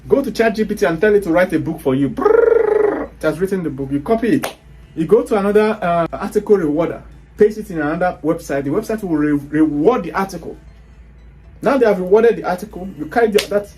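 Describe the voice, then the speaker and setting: A man's voice: high-pitched, lively intonation, quick pace, warm tone, faint music behind. A man with a Nigerian accent giving a blunt motivational talk, scolding his listeners with rhetorical questions. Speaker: online business speaker.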